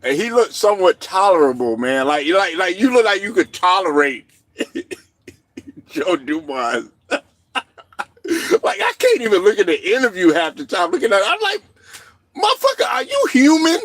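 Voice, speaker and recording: Animated, laughing man ranting about sports. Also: high voice, moderate pace, long pauses, no echo. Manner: animated, laughs a lot, swears constantly, rants. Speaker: sports show host. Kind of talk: profane sports commentary monologue.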